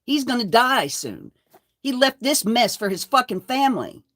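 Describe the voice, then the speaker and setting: An older woman hosting her own channel, delivering a defiant, profane rant to the camera. She moves between low mutters and loud, heated outbursts. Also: sing-song, moderate pace, dry recording, clean studio sound. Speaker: channel host. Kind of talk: angry livestream rant.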